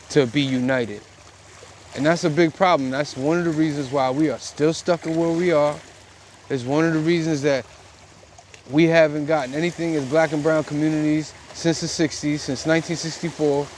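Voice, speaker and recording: A man's voice: fairly high pitch, slight background noise. A middle-aged man from the United States giving an earnest, preachy monologue for his vlog, recorded outdoors by a river. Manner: earnest and preachy, speaks in repeated phrases. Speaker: vlogger. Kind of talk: reflective monologue.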